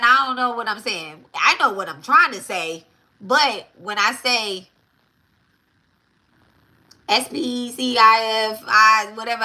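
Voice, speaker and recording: A woman with a bright, forceful voice hosts a spiritual talk show and teaches at a slow, unhurried pace. She talks casually and repeats herself, often turning to her listeners with a quick "right?" or "okay?". Her pitch sits in an ordinary middle range. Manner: chatty, repeats herself, keeps asking "right?". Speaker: spiritual podcast host.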